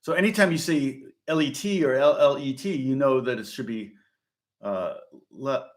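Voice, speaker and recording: A man's voice: mid-range voice, moderate pace. A middle-aged man from Indiana, a guitar teacher rambling through a casual lesson chat, chuckling and restarting often. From Indiana, USA.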